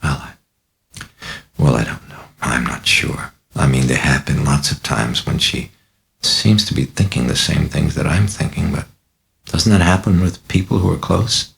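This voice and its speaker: A man reading an audiobook voices an anxious woman, a film star and mother, who speaks haltingly. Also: a bass voice, vocal fry, fairly bright tone, pitched above the performer's own voice, heavily acted. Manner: hesitant, halting.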